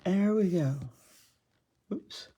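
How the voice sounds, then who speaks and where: Southern lady w a twang doing a live commentary show, slow easygoing talker, chatty, laughs at herself a lot. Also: mid-range voice, warm tone, breathy edge. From Southern United States. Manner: chatty, laughs often, self-deprecating. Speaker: host.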